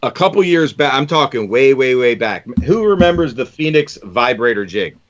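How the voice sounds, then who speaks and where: A man's voice: mid-range voice, big pitch swings, moderate pace, dull audio. A man hosting a live stream, chatting casually and enthusiastically while tying fishing lures, often calling people "man".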